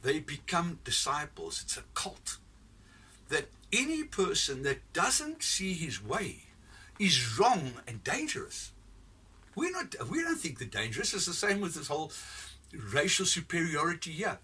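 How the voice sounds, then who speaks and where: A man's voice: fairly high pitch, big pitch swings, unhurried, bright, forceful tone, slightly rough, distant mic. A man giving a blunt, profane, rambling opinion rant, recorded from off the mic with faint noise behind him. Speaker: commentator giving his opinion.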